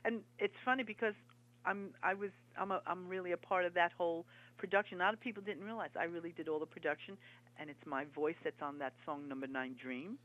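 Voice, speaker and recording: A woman interview guest and author, talking in an earnest, halting, reminiscing way. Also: fairly low pitch, steady tone, a bit bright. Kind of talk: conversational interview. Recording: dull lo-fi broadcast audio.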